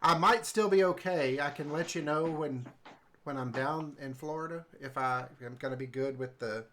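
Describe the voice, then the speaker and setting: A man playing in a tabletop game, chatting casually and excitably with the group. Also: on the high side, normal speed, slight background noise. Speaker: player.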